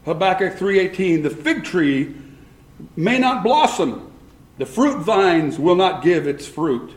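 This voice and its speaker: A man preaching a sermon as pastor, animated and rising to loud, emphatic bursts. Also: high-pitched, slow. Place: church sanctuary. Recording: echoey church room.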